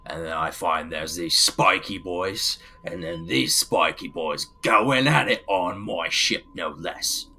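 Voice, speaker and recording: A man's voice: low voice, slow, few pauses, pushed and bright, soft background music, heavily acted. A man voicing a boastful ork pirate admiral in a put-on Cockney accent, with slangy, broken grammar.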